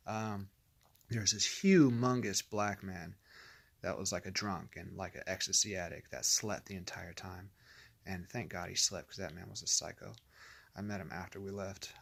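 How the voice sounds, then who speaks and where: A man from Northern California tells a story straight to the camera in a loose, rambling way. He swears constantly, trips over his own sentences and fills the gaps with ums and uhs. His voice sits on the low side. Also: gravelly, fairly bright tone. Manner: rambling, profane, with frequent fillers and restarts. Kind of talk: casual storytelling monologue.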